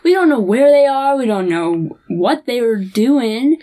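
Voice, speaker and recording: A woman chats casually on a podcast and makes playful, jokey asides. Her voice is higher than average and moves around a lot in pitch. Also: lively intonation, measured pace, mellow. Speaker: podcast co-host. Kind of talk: casual recap chat.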